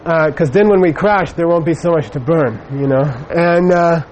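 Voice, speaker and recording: A man's voice: on the high side, normal speed, a little mellow, a little hiss or hum, poor audio. A middle-aged man giving a Buddhist teaching, telling a personal story in a rambling way with many fillers. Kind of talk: dharma talk with personal anecdote.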